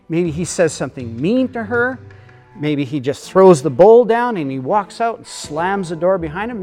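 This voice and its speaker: A man's voice: a little high, darkish tone. A man explaining emotional memory and trauma, earnest and storytelling. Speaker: teacher.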